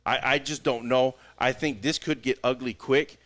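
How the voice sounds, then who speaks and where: A man's voice: mid-range voice, normal speed. A man co-hosting a sports podcast, hyping picks with whoops and laughter. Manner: excitable, hype, whoops and laughs. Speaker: podcast co-host. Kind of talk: casual sports banter.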